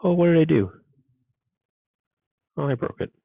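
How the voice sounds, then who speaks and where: A man's voice: a little high, animated, normal speed, vocal fry, slightly rough, dry recording, phone-quality sound. A man teaching a programming class, thinking aloud as he codes and muttering asides to himself. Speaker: university instructor. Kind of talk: live coding lecture.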